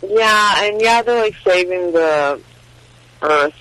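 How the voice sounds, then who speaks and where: A woman's voice: on the low side, slow pace, a bit bright, no echo, low-quality recording. A young woman in her late teens calling into a casual talk show, giggling and hesitating as she chats. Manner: giggly, hesitant, says "like" a lot. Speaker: caller. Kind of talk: casual chat.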